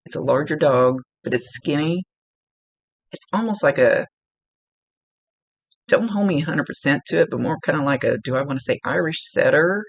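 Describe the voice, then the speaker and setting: A woman psychic medium talks through a reading in a relaxed, chatty way, blunt and quick to laugh. Her voice is gravelly and husky. The sound is close and dry, with no room around it. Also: deep voice, dry recording. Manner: chatty and blunt, laughs often, swears casually. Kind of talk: casual spoken reading for a client. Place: indoors at a table.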